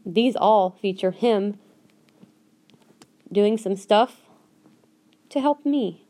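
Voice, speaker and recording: A woman's voice: medium pitch, extremely slow, mellow. A woman hosting a podcast, telling a personal story in a casual, earnest way and acting out the voices of people she quotes. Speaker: podcast host.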